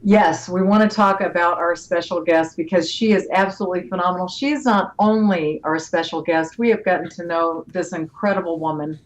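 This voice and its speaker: A woman's voice: on the low side, brisk, few pauses. A woman hosting a talk show, reading an admiring introduction of her guest. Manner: effusive, admiring. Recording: dull lo-fi audio.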